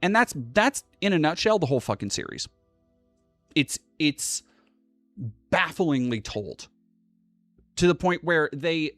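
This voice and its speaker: A man's voice: on the high side, no room sound. Brief: young man streamer, swears freely and rambles, dry close sound, faint music underneath. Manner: profane, rambling rant. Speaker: livestream host. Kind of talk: casual livestream chat.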